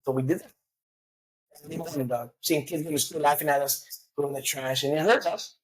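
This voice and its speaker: A woman's voice: low-pitched, steady tone, fairly quick, husky, rough recording. A woman telling stories in a casual chat, profane and acting out the voices of people she quotes.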